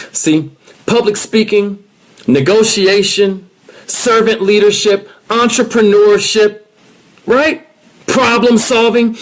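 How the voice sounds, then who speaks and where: A man giving an energetic motivational talk, coaching his listeners directly and with emphasis. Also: sits high. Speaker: motivational speaker.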